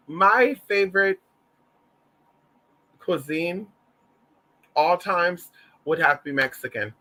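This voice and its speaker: A man from Southern Louisiana hosts a casual livestream, gossiping and storytelling with a campy, profane flair. His voice sits a touch high and carries a piercing brightness. It swoops widely as he calls his viewers honey. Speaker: livestream host reading chat.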